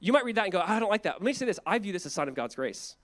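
Pastor guy preaching, kinda high voice, chatty and animated, acts out lines. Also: very fast. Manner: animated, conversational preaching with laughs and acted-out quotes. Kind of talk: sermon.

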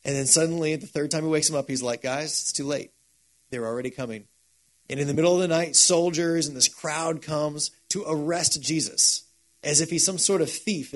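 Animated, casual man preaching a sermon. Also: fairly high pitch. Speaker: pastor.

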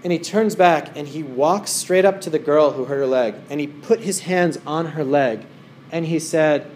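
A man's voice: a little high, moderate pace, a little mellow, a little hiss or hum. Rambling casual male meditation teacher. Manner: rambling storyteller with many fillers. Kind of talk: casual talk to a small group. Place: wellness center room.

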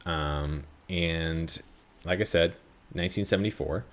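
A man's voice: deep voice, unhurried. A man hosting a podcast, chatting casually about a film in a rambling, self-correcting way, swearing freely. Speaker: podcast host. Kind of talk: casual movie review chat.

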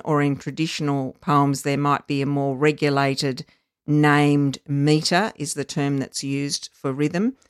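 An educator explains things in a measured, teacherly way, often pausing on um and uh. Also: medium pitch, smooth, dry recording, studio quality. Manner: measured, teacherly, frequent ums and uhs. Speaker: literacy educator. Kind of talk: explanatory podcast chat.

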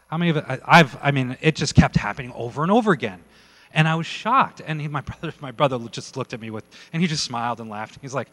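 A man preaching his personal testimony, telling the story with animated energy and acting out quoted dialogue. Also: mid-range voice, quick pace. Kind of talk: testimony sermon. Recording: long hall reverb.

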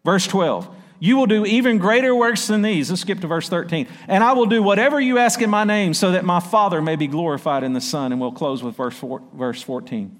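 A man preaching in a church, his fairly high voice ringing with long hall reverb. He slows and gets louder as he reads scripture, then drops into quick, quieter asides and calls out to the congregation. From South Arkansas. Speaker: pastor. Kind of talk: sermon. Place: church sanctuary.

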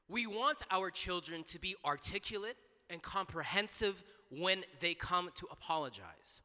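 A man's voice: high voice, animated, brisk, bright, forceful tone, in a large hall. A man preaching a sermon in a church, talking conversationally with frequent restarts, repeated words and asides of "right?".

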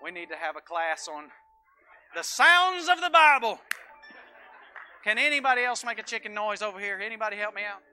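A man with a Southern American accent preaching a sermon, moving from hushed storytelling to shouted preaching and calling on people in the congregation by name. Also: sits high, animated, fairly quick, pauses often, soft background music. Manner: calls on congregation members by name. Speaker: pastor. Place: church sanctuary.

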